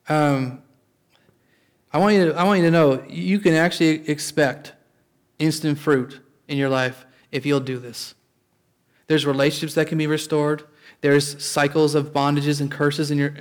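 A man's voice: a little high, clean tone. A man preaching a sermon as pastor, in a conversational way, often restarting and calling out for an amen.

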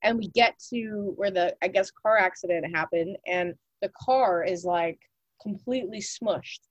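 Casual female podcast co-host, medium pitch, playful and slangy, dry close recording. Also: no echo, lo-fi sound. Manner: playful, quick to laugh, slangy. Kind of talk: casual chat.

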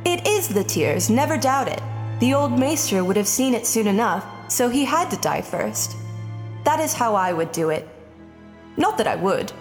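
A woman's voice: on the high side, very animated, moderate pace, faint music behind. A woman reading an audiobook, voicing a sly, self-assured lord who speaks with knowing confidence. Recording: long hall reverb.

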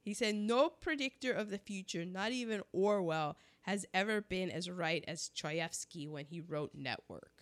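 A woman co-hosting a casual podcast chat, expressive and thinking aloud as she talks. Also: lowish voice, measured pace, hardly any pauses. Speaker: podcast co-host.

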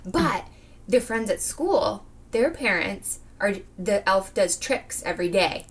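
A woman in her thirties co-hosting a podcast, chatting quickly and laughing often. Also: mid-range voice, expressive. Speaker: podcast co-host. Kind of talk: casual chat. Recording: distant mic with faint background noise.

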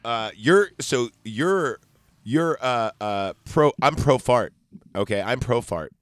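A man with a mid-pitched voice, recorded close and dry with no room sound. He argues absurd points in a mock-serious tone and keeps breaking into laughter. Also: animated, slow pace, no room sound. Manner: playful, mock-serious arguing, laughs a lot. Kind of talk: crude comedic banter.

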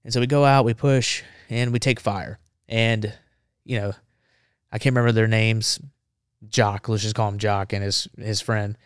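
Man, low-ish smooth voice, animated storyteller, dry close mic. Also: normal speed, dry recording. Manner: animated storyteller, acts out dialogue. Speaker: podcast guest. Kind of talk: war storytelling.

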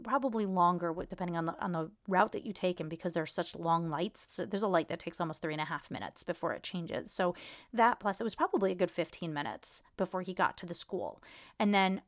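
A woman's voice: on the low side, a little fast, no room sound, clean studio sound. A woman podcast host telling a personal story in an emotional, rambling way, full of restarts and quoted conversations. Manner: emotional, rambling, retelling events.

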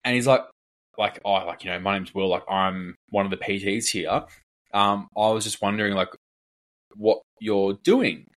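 A man with a fairly low voice tells a story on a casual podcast. He rambles and leans on filler words. He acts out the voices of the people in the story. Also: moderate pace, a bit bright. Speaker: fitness coach and podcast co-host.

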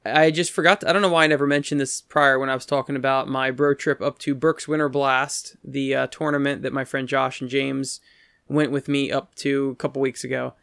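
A man's voice: level tone, fairly quick, gravelly, fairly bright tone, clear, resonant tone, dry recording, studio quality. A man telling a rambling story in casual chat, breaking into quoted voices now and then. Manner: rambling, acts out quoted voices with pitch jumps.

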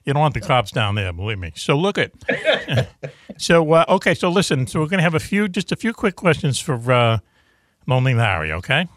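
A man's voice: fairly high pitch, sing-song, brisk, fairly bright tone, dry recording, studio quality. Teasing man hosting a casual chat. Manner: teasing, laughs often. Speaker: host.

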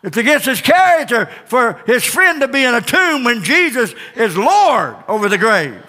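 A man's voice: very high-pitched, sing-song, moderate pace, bright, forceful tone. A male pastor preaching a fervent sermon with repeated refrains and call-and-response, recorded in a church sanctuary. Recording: long church reverb.

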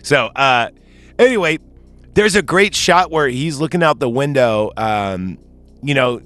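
A man's voice: medium pitch, expressive, measured pace, a bit bright, no room sound, soft background music. A man recapping a movie in casual podcast chat, telling the plot in a rambling, profane way with lots of fillers. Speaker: podcast co-host recapping a film.

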